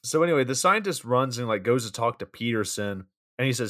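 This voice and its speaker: A man with an average-pitched voice walks through a bad movie's plot in a rambling, wry podcast recap. The sound is dry and close, with little room echo. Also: animated, a little fast, hardly any pauses, fairly bright tone. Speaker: podcast co-host.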